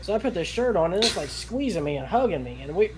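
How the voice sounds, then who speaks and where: A man's voice: sits high, very animated, fast, noisy background. A man on a podcast telling a rambling, profane story and laughing along as he goes. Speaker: podcast co-host. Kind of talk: casual podcast chat.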